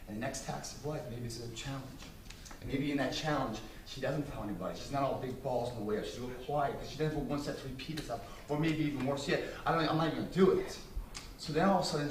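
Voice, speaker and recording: A medium-pitched man gives an emphatic, intense motivational speech to business students, swearing freely, with slight background noise. He's recorded in an echoey hall from a distant mic, with faint ambience.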